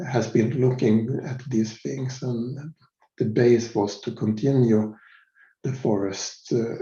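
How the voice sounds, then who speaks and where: Slow-speaking man with a mellow voice. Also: on the low side, roomy sound, highs cut off. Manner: slow and measured, occasional slips. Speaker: forestry policy presenter. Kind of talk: conference presentation.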